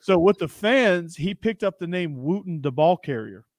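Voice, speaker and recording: A man's voice: sits high, animated, moderate pace, no room sound, studio quality. A man hosting a sports podcast, chatting and telling stories in an upbeat way. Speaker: podcast host. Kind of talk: casual sports podcast chat.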